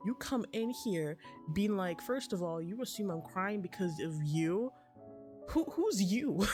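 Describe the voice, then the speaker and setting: Young woman streamer, casual commentary, cursing rants, lower-pitched voice. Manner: swearing, exasperated rants.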